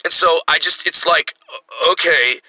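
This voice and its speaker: Sharp-voiced man in his fifties ranting. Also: fairly high pitch, measured pace, dry recording, rough recording. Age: 50s. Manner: angry, profane, rambling. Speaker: vlogger. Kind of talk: ranting monologue.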